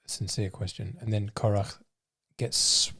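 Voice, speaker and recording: A man's voice: fairly low pitch, level tone, unhurried, sharp tone, husky. A man hosting a podcast in a studio, chatting casually and thinking aloud in loose, rambling sentences. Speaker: podcast host. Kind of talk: casual chat.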